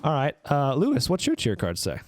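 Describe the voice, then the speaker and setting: A man moderating a casual podcast game, running the rules briskly. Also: medium pitch, wildly swooping pitch, dry recording, clean studio sound.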